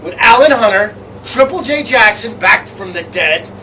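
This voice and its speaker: A man's voice: high voice, lively intonation, normal speed, bright, forceful tone, distant mic, a little hiss or hum, low-quality recording. A man co-hosting a comic sports show, jokey and rambling. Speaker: co-host.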